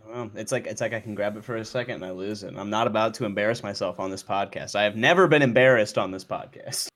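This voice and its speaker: A man's voice: lowish voice, quick pace, fairly bright tone. A man co-hosting a podcast, trading crude jokes in casual banter and laughing often. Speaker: podcast co-host.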